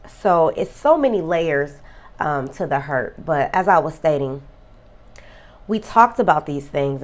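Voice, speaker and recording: A woman vlogger talking earnestly about a friend's death, emotional and close to tears. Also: low voice. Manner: emotional, tearful; reflective, earnest. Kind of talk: personal vlog talk.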